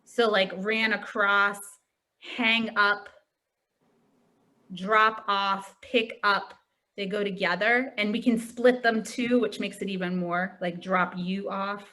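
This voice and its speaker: A woman's voice: mid-range voice, takes it slowly. A woman from Pittsburgh, a tutor trainer, giving a chatty training talk over a video call and telling anecdotes. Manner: chatty, animated storytelling with lots of "like".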